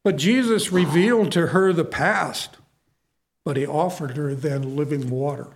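A man preaching a sermon in an unhurried, folksy way, leaning on repetition to drive his points home. His voice sits notably high for a man, and he takes his time between phrases. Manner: folksy, repeats key phrases for emphasis. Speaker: pastor.

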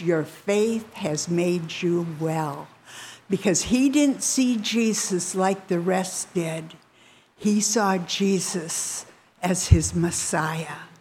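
A woman retelling a Bible story to listeners, bringing the quoted characters to life with lively shifts in her voice. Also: a little hiss or hum. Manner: animated, voices characters with rising pitch.

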